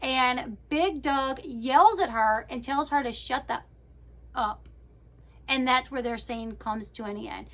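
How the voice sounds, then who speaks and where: A woman YouTuber casually recapping a reality show, talking straight to her viewers with fillers and quick self-corrections. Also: high voice, fairly bright tone. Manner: chatty, addresses viewers directly. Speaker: YouTube commentator.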